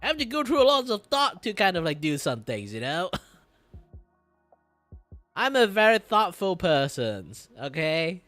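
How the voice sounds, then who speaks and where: A man chats on his live stream as he draws, his pitch swinging widely from low mutters to loud bursts. He rambles, dizzy and disoriented, and swears and laughs along the way. Soft music plays behind him. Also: big pitch swings, a little slow, pauses often, no room sound. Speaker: art streamer. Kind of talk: casual live-stream chat while drawing.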